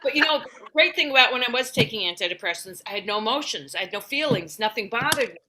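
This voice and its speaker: A woman's voice: a little high, expressive, quick pace, background noise. A middle-aged woman performing a stand-up comedy set, wry and self-deprecating, slipping into quoted voices.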